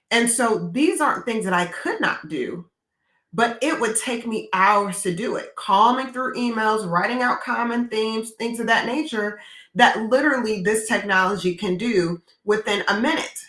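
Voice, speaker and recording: Brief: upbeat woman webinar presenter, bright forceful voice, direct and conversational, echoey room. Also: on the high side, moderate pace. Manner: direct, energetic, conversational with "y'all" and "right?". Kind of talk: live webinar demo.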